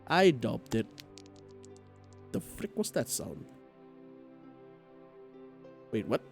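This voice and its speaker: A man's voice: medium pitch, sing-song, extremely slow, vocal fry, pauses often, slightly rough, faint music behind. A man streaming a visual novel game live, chatting and laughing with viewers and tripping over his words. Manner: chatty, laughing, stammering restarts.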